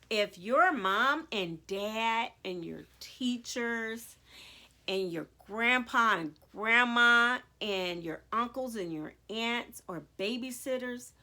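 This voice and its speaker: A woman author reading a story aloud to children, animated and speaking directly to young listeners. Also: fairly high pitch.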